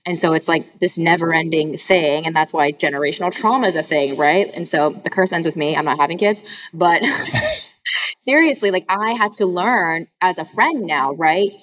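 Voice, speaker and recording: Candid woman podcast host, lower voice. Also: normal speed, fairly bright tone, slight background noise, low-quality recording. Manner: candid and emphatic, with casual swearing. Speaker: podcast host and healing coach. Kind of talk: casual podcast chat.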